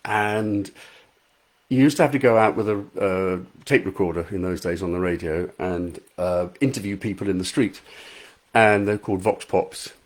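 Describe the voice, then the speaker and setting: A man's voice: low voice, moderate pace. A middle-aged English man chatting casually with live viewers as an author, reading out their comments. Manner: chatty, self-deprecating, reads out viewer comments. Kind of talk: casual live-stream chat.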